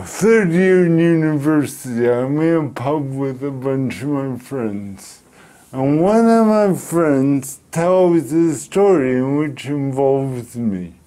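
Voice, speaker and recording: Slow, dark-voiced middle-aged man. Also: fairly high pitch. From Canada. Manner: slow, deliberate speech with pauses and restarts. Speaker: interviewee. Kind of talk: reflective storytelling.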